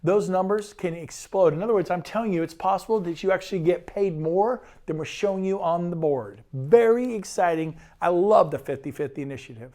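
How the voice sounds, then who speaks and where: A man, a real estate broker, giving an enthusiastic and persuasive sales pitch presentation. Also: a little mellow. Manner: enthusiastic, persuasive, rapid lists.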